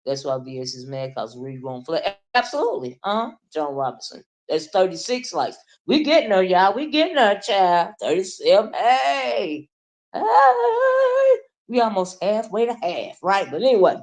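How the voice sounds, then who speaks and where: A woman with a twang hosts a casual livestream. Her voice sits a little low. She talks in loose, rambling asides and keeps calling out to her viewers by name. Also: very animated. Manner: chatty, greets viewers by name, drawn-out asides. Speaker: livestream commentator. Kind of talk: casual live-chat commentary.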